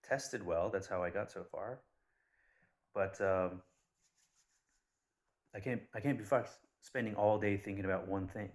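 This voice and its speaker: Deep-voiced blunt man rambling. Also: measured pace, long pauses. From Persian background. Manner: blunt, swears, animated retellings. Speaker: vlogger. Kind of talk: casual rambling monologue.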